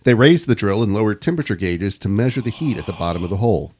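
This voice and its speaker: A man's voice: lowish voice, expressive, fast, darkish tone, husky. A man co-hosting a podcast, casually reading an urban legend aloud and laughing often. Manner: laughs often, reads from notes. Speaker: podcast host.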